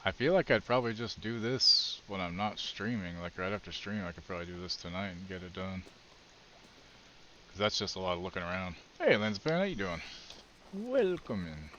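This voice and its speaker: A man's voice: low-pitched, animated, brisk, bright, forceful tone, dull audio, a little hiss or hum. A man from Texas casually chatting with his stream viewers while playing a game, cursing freely. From Texas, USA. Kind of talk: casual gaming stream chat.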